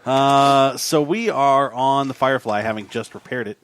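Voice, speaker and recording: A man's voice: medium pitch, normal speed, clear, resonant tone. A young man hosting and playing in a casual tabletop game, joking around playfully. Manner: playful, jokey, lively delivery. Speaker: player and host.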